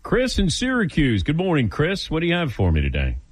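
A middle-aged man hosting a sports radio talk show, lively and joking. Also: fairly high pitch, brisk, slightly rough, no echo.

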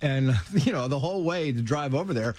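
Animated middle-aged man telling stories. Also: brisk, no room sound. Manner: animated, acts out quoted voices with big pitch jumps. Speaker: guest author. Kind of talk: storytelling in casual conversation.

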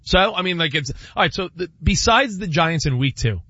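Animated man arguing sports, dry mic. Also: high voice, normal speed, no room sound, dull audio. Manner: animated, laughing, argues his point. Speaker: sports show regular. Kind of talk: casual sports talk.

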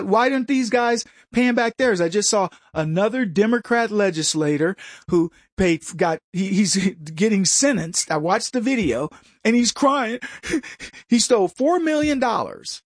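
A man's voice: high-pitched, expressive, unhurried, no echo, studio quality. A man hosting a commentary show, delivering a combative, mocking opinion monologue and mimicking his opponents.

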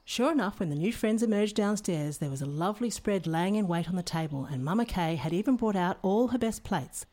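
A woman narrating a children's story in a storybook manner. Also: fairly low pitch. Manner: warm storybook reading.

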